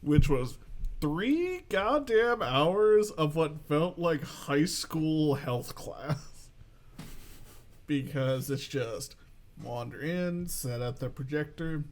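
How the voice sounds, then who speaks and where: A man's voice: on the high side, lively intonation, drawn-out words. A man co-hosting a podcast in casual chat, throwing in dry, teasing, sarcastic remarks. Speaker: podcast co-host.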